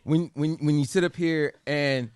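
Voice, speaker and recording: A man's voice: a little high, moderate pace. Emphatic man co-hosting a chat show. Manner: emphatic, animated, stammers on restarts. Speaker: podcast co-host. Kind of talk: casual chat.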